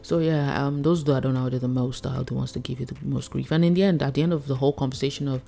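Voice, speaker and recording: A woman's voice: very deep voice, fairly even intonation, fast talker, gravelly, dark tone. A woman chef coaching food business owners in a chatty, casual way, laughing often and acting out her customers. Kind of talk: casual teaching talk.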